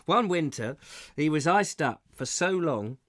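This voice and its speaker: A man's voice: fairly high pitch, animated, unhurried, fairly bright tone, no echo, voice pushed up. A man putting on a folksy West Country boatman. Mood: yarn-spinning. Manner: folksy yarn-spinning, rustic dialect. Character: burly old male canal boatman telling tales.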